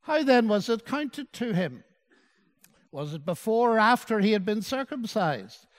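A man preaching a sermon and telling a story, quoting the dialogue in a softened voice. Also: sits high, very animated, a little slow, long reverb tail.

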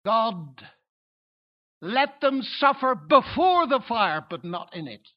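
Male preacher, high voice, emphatic sermon delivery, muffled lo-fi recording. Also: sing-song, slow. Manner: emphatic, swelling to loud exclamations. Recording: dull lo-fi recording.

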